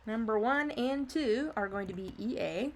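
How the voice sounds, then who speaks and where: A woman teaching a first grade phonics lesson, patiently explaining and slowly sounding out each word for young children. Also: a little high, expressive, a little hiss or hum. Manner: slow, drawn-out sounding out of words.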